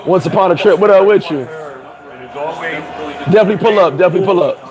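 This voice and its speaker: A man hosting a casual livestream, laughing often, talking in slang and giving shout-outs to viewers. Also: sits high, fast talker, low-quality recording. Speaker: livestream host. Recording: crowd chatter behind.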